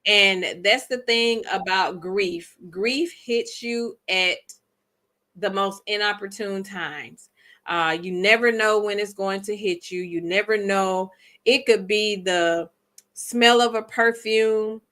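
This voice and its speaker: A woman's voice: medium pitch, slow pace, fairly bright tone. A woman chatting heartfelt and reflective on her vlog, with many ums. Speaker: vlogger. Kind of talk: casual chat.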